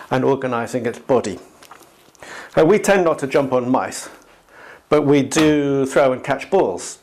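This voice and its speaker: A man from the UK explains body technique straight to camera in an unhurried, conversational way. His voice sits at an ordinary middle pitch. He pauses to gather thoughts and now and then slips into playful acted-out inner voices. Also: slight background noise. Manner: acts out inner voices with raised, lively pitch; relaxed, thinking aloud with ums and restarts. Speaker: Alexander Technique teacher and author. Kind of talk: casual instructional monologue to camera.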